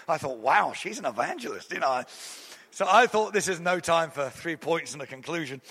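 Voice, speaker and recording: A man's voice: fairly high pitch, lively intonation, brisk, long reverb tail. A man preaching a sermon, rising to emphatic declarations and telling long stories with restarts. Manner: emphatic, swelling to loud declarations; storytelling with restarts.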